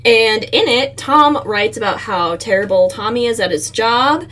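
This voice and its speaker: Woman podcast host, casual film recap, swears a lot, laughs often, slightly high voice. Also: animated, a little slow, fairly bright tone.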